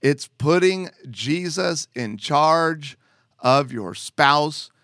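A man preaching a sermon in an animated way, joking and putting on voices. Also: fairly high pitch, very slow, dry recording, studio quality. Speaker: pastor.

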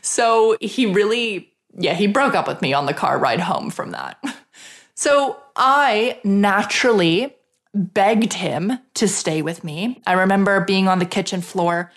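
A woman talks through her own story on her podcast. Her delivery is casual and confiding, peppered with "like" and the odd swear word, at a middling pitch. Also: animated, unhurried. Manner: chatty and frank, swears freely, frequent "like" fillers. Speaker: podcast host.

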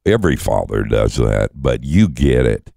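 A man's voice: extremely low pitch, big pitch swings, normal speed, creaky, mellow, no room sound, studio quality. An older man, a guest teacher, telling stories in conversation with wry, self-mocking humor and frequent chuckles. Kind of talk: storytelling conversation.

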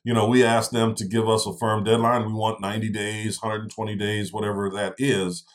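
A man with a low voice talks through investing steps in a casual podcast chat. He explains patiently and keeps checking that his listener follows with quick "right?" and "okay?" tags. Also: little pitch movement. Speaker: real estate investor co-host.

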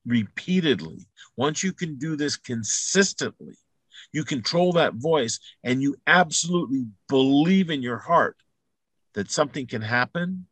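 A man's voice: mid-range voice, breathy edge, no echo. Blunt, emphatic man giving a motivational talk. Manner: emphatic and repetitive, builds to loud peaks; salty, blunt language. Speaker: motivational speaker.

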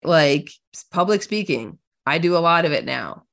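A woman coach with a lowish voice talks through a podcast interview. She is upbeat and casual, full of "like" and "just do it". Her delivery is animated and chatty. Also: moderate pace. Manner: energetic, casual, lots of "like", animated storytelling.

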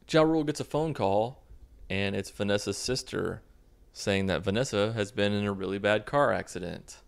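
A man with a deep voice, rough with fry, talks through a movie plot in a casual, sarcastic way. His tone is smooth and clear, and he drops flat, deadpan asides with plenty of swearing. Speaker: video host recapping a movie.

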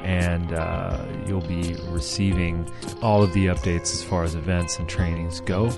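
Laid-back male podcast host, lowish voice. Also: measured pace, creaky, over loud music. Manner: relaxed, chatty, with frequent fillers. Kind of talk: casual podcast interview.

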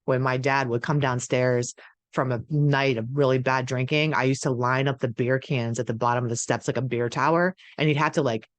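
A woman's voice: rumbling low, steady tone, a little fast, no echo. A middle-aged woman coaching partners of addicts in an earnest, emphatic teaching talk, acting out the voices she quotes. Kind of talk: direct-to-camera teaching talk.

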